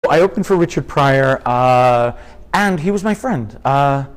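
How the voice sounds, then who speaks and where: A man in his fifties, a comedian chatting in an interview, telling animated stories and slipping into impressions. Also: mid-range voice, measured pace, smooth. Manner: animated storyteller, drops into impressions. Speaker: comedian guest. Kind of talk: casual interview chat.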